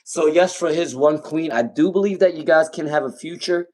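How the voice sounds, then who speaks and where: A man's voice: on the high side, normal speed, darkish tone. Chatty young man reading tarot live. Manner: chatty, repeats himself, bursts of laughter. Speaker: tarot reader hosting a live stream. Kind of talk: live-stream tarot reading, casual chat with viewers.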